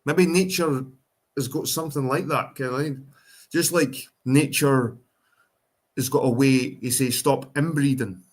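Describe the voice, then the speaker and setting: Scottish male streamer, foul-mouthed, loose and rambling, mid-pitched voice. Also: moderate pace. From Ireland, raised in Scotland. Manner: profane, rambling, reads chat aloud. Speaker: livestream host. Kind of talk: casual livestream chat.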